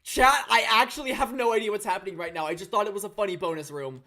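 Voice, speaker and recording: A woman streaming live gameplay, talking to her chat in a chatty, excitable, playful way. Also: mid-range voice, fast talker. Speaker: gaming streamer.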